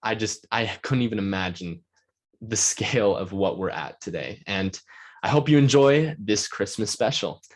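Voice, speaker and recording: A man's voice: on the low side, expressive, normal speed. A man hosting his own podcast alone, talking eagerly in a rambling way with lots of filler words. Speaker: podcast host. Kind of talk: solo podcast monologue.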